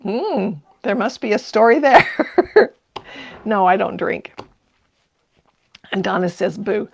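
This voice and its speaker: A woman's voice: medium pitch, expressive, slow pace, creaky, breathy edge. An older woman hosting a sewing livestream, chatting casually, laughing often and reading viewer comments aloud. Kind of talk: casual live-stream chat.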